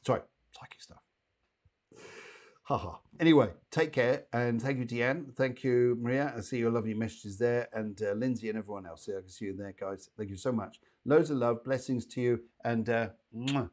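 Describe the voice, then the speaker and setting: A man's voice: medium pitch, steady tone, a little fast, hardly any pauses, darkish tone. A man hosting a live psychic show, giving readings in a chatty, rambling way with playful asides.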